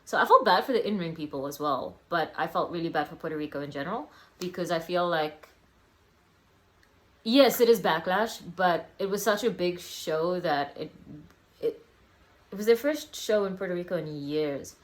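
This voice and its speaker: A young woman with a fairly low voice casually reviews a wrestling event at a moderate pace in a solo vlog. She rambles, using lots of fillers and correcting herself.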